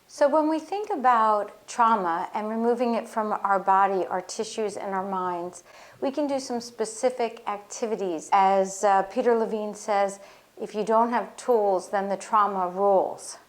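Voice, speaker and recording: Woman, yoga teacher, slow unhurried delivery, gentle soothing guidance, mid-pitched voice. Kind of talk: guided somatic exercise.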